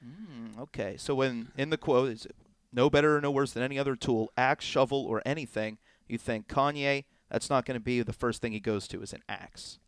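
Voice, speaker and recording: Picture a man hosting a podcast game with a teasing, showy delivery. His voice sits at an ordinary middle pitch. The sound is close and dry. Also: no room sound. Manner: playful, teasing quizmaster, drawn-out announcements. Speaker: podcast host running a quiz game. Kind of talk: casual podcast chat. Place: indoors, on location in Texas.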